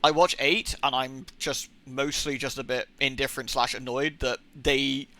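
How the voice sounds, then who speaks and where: A man's voice: medium pitch, steady tone, moderate pace, sharp tone. A young adult man chatting casually on a live gaming stream, rambling and swearing, with rants of disbelief. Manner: rambling and profane, incredulous rants.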